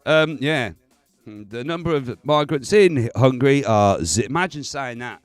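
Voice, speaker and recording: A man's voice: medium pitch, expressive, normal speed, no room sound, faint music behind. A man hosting a casual livestream, chatty and swearing, laughing often. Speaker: livestream host. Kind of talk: casual stream chat.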